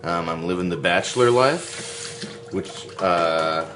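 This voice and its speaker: A man's voice: low voice, takes it slowly, noisy background. A man hosting a podcast, chatting casually in a goofy, joking way. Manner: goofy, joking, sing-song bits. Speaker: podcast host. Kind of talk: casual comedic chat.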